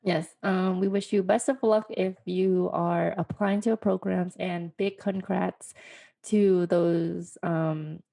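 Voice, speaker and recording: A woman co-host with a somewhat low voice, speaking in a casual podcast chat. She talks in an encouraging way, with small fillers and pauses. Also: fairly even intonation, creaky, warm tone. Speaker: podcast co-host, sonography student.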